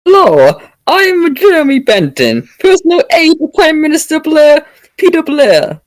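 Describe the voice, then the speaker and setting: A woman's voice: very animated, unhurried. A woman voicing a pompous male British aide with an exaggerated put-on British accent. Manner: loud, high, exaggerated.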